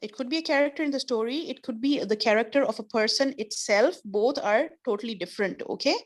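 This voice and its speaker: A woman teacher leads an online class over a video call. Her voice sits a little high, and she explains slowly and kindly, giving example after example.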